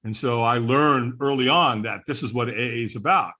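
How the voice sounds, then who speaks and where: A man's voice: medium pitch, moderate pace, pushed and bright. A middle-aged man, a podcast guest, candidly telling his personal story in conversation, earnest and chuckling now and then.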